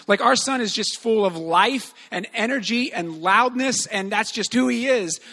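A man giving an earnest, animated sermon-style talk on parenting, telling stories with many fillers. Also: high voice, moderate pace, big-room sound. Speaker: speaker on parenting.

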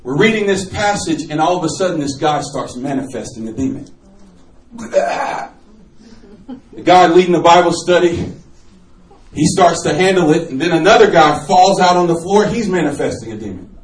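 A male preacher giving a sermon testimony, animated storytelling and laughing often, sometimes bursting into shouts. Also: a little high, moderate pace. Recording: echoey room, from far off.

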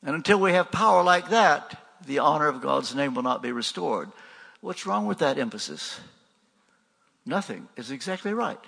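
A man's voice: a little high, lively intonation, normal speed, gravelly, few pauses, bright, forceful tone, breathy edge, big-room sound. An older man preaching a sermon in a conversational way, asking rhetorical questions and repeating refrains.

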